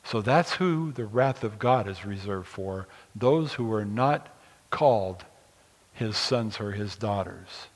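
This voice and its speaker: A man preaching a sermon, going from loud, emphatic scripture reading to quiet, pastoral asides. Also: medium pitch, long reverb tail, rough recording.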